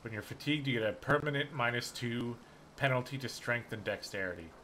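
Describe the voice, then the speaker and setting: Bright-voiced man reading a game aloud. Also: mid-range voice, a little fast, slight background noise. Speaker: game player. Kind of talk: casual let's-play commentary, reading game text aloud.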